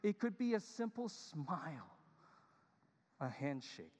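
A male pastor giving a humorous, animated sermon, speaking directly to his congregation. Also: fairly high pitch, takes it slowly, pauses often, lo-fi sound. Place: church sanctuary. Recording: long reverb of a large church hall.

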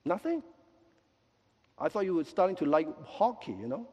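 A male pastor preaches with a slightly high, soft and mellow voice. He teases his congregation with jokes and quick apologies. His words ring out with the long reverb of a large church hall. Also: slightly rough. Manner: lively, with joking asides and quick apologies. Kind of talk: sermon. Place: church sanctuary.

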